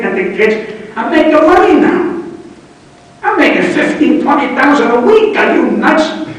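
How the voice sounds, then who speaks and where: A man, telling blunt stand-up stories in gruff street talk at a book signing. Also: extremely high pitch. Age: 80s. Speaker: comedian. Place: large club function room. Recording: distant mic in an echoey room.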